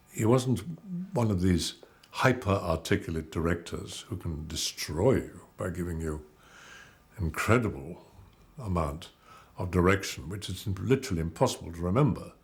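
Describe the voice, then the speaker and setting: Older man w a really deep voice, actor in an interview, slow storyteller who wanders off on tangents. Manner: measured, anecdotal storytelling with digressions. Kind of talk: reminiscing interview.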